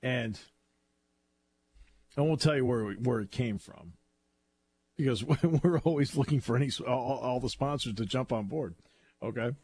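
A man hosting a sports talk radio show, chatting casually and telling animated stories with frequent laughter. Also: medium pitch, measured pace, long pauses, slightly rough, no room sound. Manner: animated storyteller, laughs often.

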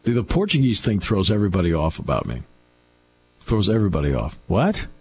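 A man's voice: low voice, big pitch swings, fast, a little mellow, a little hiss or hum. A middle-aged man hosting a radio talk show, telling stories in a chatty way with restarts. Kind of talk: casual radio chat. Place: radio studio.

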